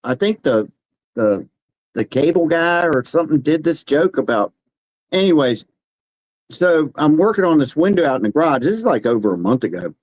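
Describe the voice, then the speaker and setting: Animated older man telling a story. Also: fairly high pitch, moderate pace, dry recording, poor audio. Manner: animated, giggly anecdote telling. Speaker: livestream guest. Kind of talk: casual storytelling.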